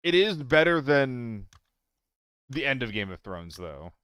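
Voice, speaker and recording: A man's voice: medium pitch, very animated, unhurried, a bit bright, clear, resonant tone, no echo. Young male streamer, resonant dry voice, casual and profane banter with chat while gaming. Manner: loose and profane, chatting with viewers, flustered in fights.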